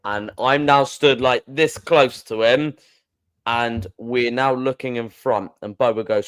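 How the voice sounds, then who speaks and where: A man co-hosting a podcast, telling a story in an excitable way, laughing and restarting often. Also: medium pitch, takes it slowly, smooth. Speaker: podcast co-host. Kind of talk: casual storytelling chat.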